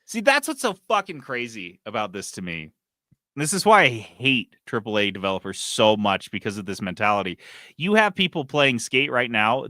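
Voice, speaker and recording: Casting: male podcast host, bright tense tone, dry close mic, animated rants. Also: medium pitch, dry recording. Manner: animated, swearing, ranting. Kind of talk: casual gaming news chat.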